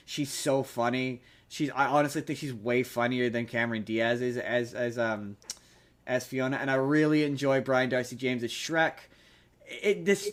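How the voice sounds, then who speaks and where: Rambling man on a chatty podcast. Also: medium pitch. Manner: rambling, many restarts and ums. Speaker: podcast co-host. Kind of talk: casual chat.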